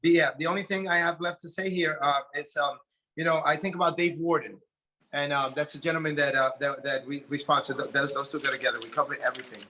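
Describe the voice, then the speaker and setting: A man with a notably high, bright voice gives a preachy motivational talk over a video call. He urges his listeners on in earnest, pressing each point. It is the talk of a sales team leader rallying his group. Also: fairly even intonation, fast talker. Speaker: network marketing team leader.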